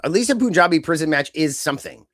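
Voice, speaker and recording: Rambling, excitable male podcast co-host. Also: a little high, quick pace, no echo, studio quality. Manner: rambling, animated, acts out quotes. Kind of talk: casual chat.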